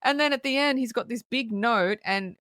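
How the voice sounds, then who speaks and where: A woman co-hosting a casual movie podcast, her voice a little high and dry with no room sound. She laughs through her retellings and swears freely. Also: moderate pace, a bit bright, no room sound. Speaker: podcast co-host. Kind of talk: casual film review chat.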